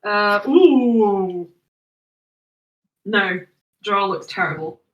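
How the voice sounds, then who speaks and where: A woman narrating a tabletop game as game master, with playful, quick narration. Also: mid-range voice, expressive, recorded from a distance, dull audio. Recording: echoey room, voice from off-mic.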